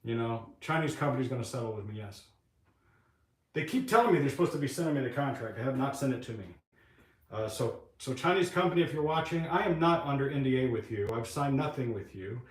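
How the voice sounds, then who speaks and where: A man's voice: medium pitch, animated, quick pace. A man hosting a casual live stream from his private workshop, rambling and venting his frustrations with plenty of swearing while he works. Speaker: webcam channel host. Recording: echoey room, mic far off.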